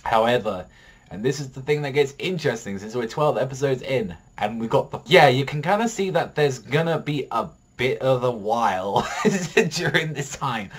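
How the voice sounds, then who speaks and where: A man reviewing an anime episode in a rambling, excitable way, swearing a lot and filling his talk with "like". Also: medium pitch, normal speed, husky.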